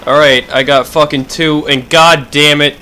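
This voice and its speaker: Excitable male gamer, bright forceful tone, unhurried delivery, cursing commentary that jumps from yelling to mumbling. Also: fairly high pitch, soft background music, low-quality recording. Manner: excitable, profane, swings between shouting and muttering. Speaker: let's play gamer. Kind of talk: gaming commentary.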